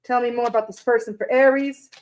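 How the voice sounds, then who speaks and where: A woman's voice: on the high side, steady tone, fast talker. A woman reading tarot on a casual live stream, chatty and rambling, greeting viewers by name and laughing at her own slips.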